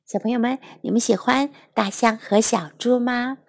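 A woman teaching children English in a bilingual lesson, gently and slowly repeating each phrase for young learners. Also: on the high side, vocal fry.

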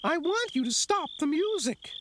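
A woman doing a squeaky tired little mouse. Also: normal speed. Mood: pleading. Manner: high squeaky pleading voice, growing desperate. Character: tired sleepy little female mouse, pleading. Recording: audiobook with steady background noise.

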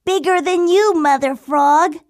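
A curious, headstrong older boy frog in a children's storybook, voiced by a woman. He speaks slowly in a high, playful voice and keeps insisting on one more adventure. The sound is close and dry. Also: a little mellow, dry recording. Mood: earnest. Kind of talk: storybook acting.

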